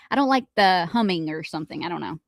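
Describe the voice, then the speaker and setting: A woman's voice: fairly low pitch, animated, moderate pace, vocal fry, no echo, studio quality. Giggly woman radio co-host. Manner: giggly, playful, chatty. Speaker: radio morning show co-host. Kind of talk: casual radio banter.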